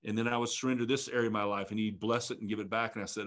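A man in his fifties, a ministry leader, telling a personal testimony in an earnest, reflective way, often halting and restarting. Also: lowish voice, level tone, fairly bright tone.

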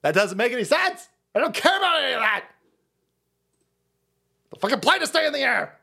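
A man's voice: extremely high pitch, big pitch swings, fairly quick, creaky, pushed and bright. A man ranting on a livestream, sarcastic and mocking, swearing constantly. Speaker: streamer. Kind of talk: livestream rant.

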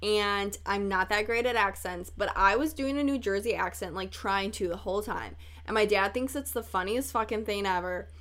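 A woman's voice: medium pitch, moderate pace, hardly any pauses, a bit bright. A woman in her twenties from Chicago, chatting candidly on her solo podcast, swearing casually and laughing often. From Chicago, USA. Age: 20s. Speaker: podcast host.

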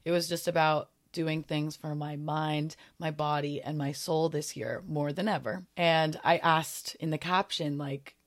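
A woman's voice: low voice, fairly even intonation, unhurried, hardly any pauses. A young woman hosting her own podcast, talking in an earnest, heartfelt way as she reflects on her year. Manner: earnest and heartfelt, a little emotional at times. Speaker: podcast host. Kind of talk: reflective solo podcast talk.

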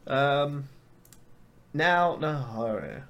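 A man's voice: mid-range voice, animated, extremely slow, vocal fry, a bit bright. Hesitant man running a tabletop game. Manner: casual, hesitant, many fillers, laughing. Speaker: game master.

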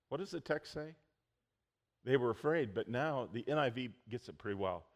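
A middle-aged man preaching a sermon, telling stories and acting out quoted lines loudly. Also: medium pitch, normal speed. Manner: storytelling, animated, acts out quotes loudly. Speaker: pastor.

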